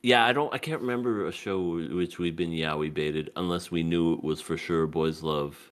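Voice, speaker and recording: A man co-hosting a casual podcast chat, animated, often jumping into high mock voices for laughs. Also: moderate pace. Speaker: podcast co-host.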